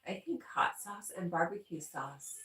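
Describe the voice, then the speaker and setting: Chatty low-voiced woman on a roomy stream. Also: animated, a little slow, a bit bright. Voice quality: chatty and giggly, talks back to viewers. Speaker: livestream host reading viewer chat. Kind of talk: casual live chat. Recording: roomy echo, distant from the mic.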